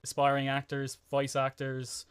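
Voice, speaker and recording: Smooth-voiced male podcast host. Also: mid-range voice, monotone, a little slow, no room sound. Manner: hesitant, filler-heavy questions. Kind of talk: casual podcast interview.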